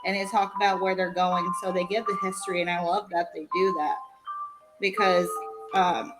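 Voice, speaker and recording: A woman's voice: lowish voice, level tone, normal speed, loud music behind the voice, poor audio. A woman co-hosting a casual podcast chat, giggly and chatty, drifting off on tangents. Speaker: podcast co-host.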